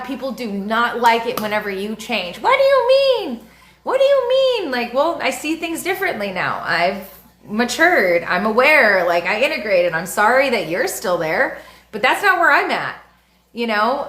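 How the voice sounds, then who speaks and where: A woman's voice: fairly high pitch, lively intonation, moderate pace, sharp tone, reverberant. A woman astrologer teaching in a casual, frank, slangy way and laughing often. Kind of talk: casual spiritual teaching monologue.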